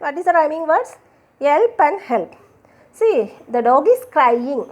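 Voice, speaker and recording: Woman schoolteacher, Tamil Indian English accent, high-pitched, patient repetitive lesson delivery. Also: big pitch swings, a little mellow, muffled recording. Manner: slow, repetitive explaining with questions to children. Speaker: teacher. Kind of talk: classroom lesson explaining a poem.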